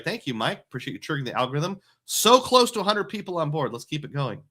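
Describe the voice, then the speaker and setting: A man's voice: fairly high pitch, very animated, quick pace, hardly any pauses, pushed and bright. A man hosting a live stream, chatting casually and rambling as he reads viewer comments aloud. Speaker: livestream host.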